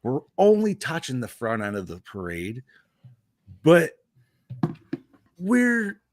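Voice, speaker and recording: A man's voice: medium pitch, huge pitch swings, slow, no room sound, studio quality. A man co-hosting a podcast, chatting casually, swearing freely and laughing often. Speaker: podcast co-host. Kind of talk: casual chat.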